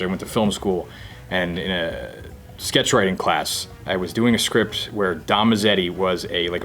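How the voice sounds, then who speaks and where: A man in his thirties from New Jersey with a fairly low voice. He talks as a relaxed, candid guest and swears freely as he tells his stories. Faint music plays underneath. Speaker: guest comedian. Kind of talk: casual chat.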